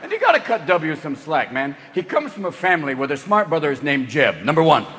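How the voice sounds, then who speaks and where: A male stand-up comedian performing a manic, rapid-fire, profane set that keeps jumping into voices, on stage in a large theater. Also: a little high, big pitch swings, a little hiss or hum. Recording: echoey hall with loud audience.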